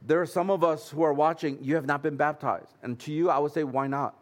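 A man's voice: a little high, fairly even intonation, a little fast. A man pastor preaching a sermon in an earnest, conversational way with light humorous asides.

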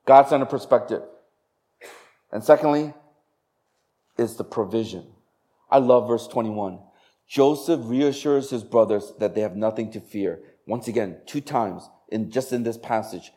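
A man's voice: mid-range voice, measured pace, warm tone. A man preaching a sermon in a conversational style, asking the congregation rhetorical questions. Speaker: pastor.

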